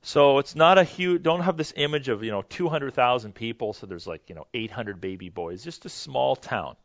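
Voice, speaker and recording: A man's voice: mid-range voice, animated, moderate pace. Male Bible teacher, mid-range voice, loose explanatory delivery, muffled lo-fi recording. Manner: conversational, explanatory, with frequent restarts. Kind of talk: classroom Bible lesson. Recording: dull lo-fi recording.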